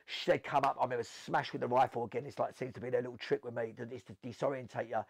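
A man with a South London accent, telling stories in an animated way as an interview guest, acting out what people said. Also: medium pitch, fast, vocal fry, no echo. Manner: animated storytelling, acts out quotes, swears. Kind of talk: storytelling interview.

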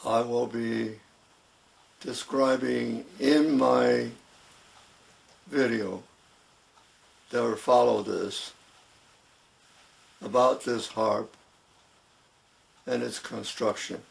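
A man in his eighties, an inventor and harp maker, making a homemade video announcement in a slow, deliberate, formal way with a dry humor. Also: medium pitch, fairly even intonation, creaky. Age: 80s.

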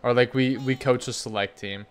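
A man giving excited game commentary as a gaming YouTuber, hyped and cheering players on by name. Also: mid-range voice, normal speed.

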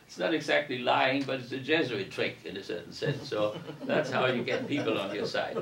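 A man's voice: fairly low pitch, a little fast, creaky, hardly any pauses, fairly bright tone, a little hiss or hum. A man giving a university lecture in a parish hall, reading passages aloud and then discussing them at length. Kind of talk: academic lecture to an audience. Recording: roomy echo from a distance.

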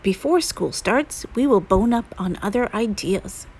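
A woman's voice: mid-range voice, animated, a little slow, darkish tone, breathy edge. A woman voicing a helpful male monster with bolts and glue, talking in an eager, plain way.

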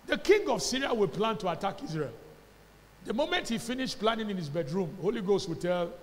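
A man with a Nigerian accent preaching a sermon as pastor, calling out to the congregation, sometimes shouting and sometimes dropping to quiet asides. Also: big pitch swings, brisk. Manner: emphatic preaching, calls to the congregation, swings from loud shouts to low asides. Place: church hall. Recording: long hall reverb, faint background noise.

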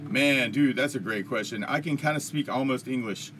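A man's voice: mid-range voice, normal speed. American guy rambling through a guitar q&a stream, chatty, laughs a lot, some guitar playing faint behind him. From United States. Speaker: guitar teacher, live-stream host. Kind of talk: casual live-stream Q&A. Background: faint guitar strumming.

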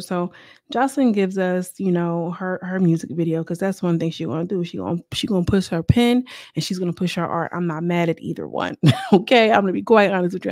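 A young woman hosting a casual review of a reality show, talking in a chatty, slangy, animated way. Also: lowish voice, dry recording, studio quality. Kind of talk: casual commentary.

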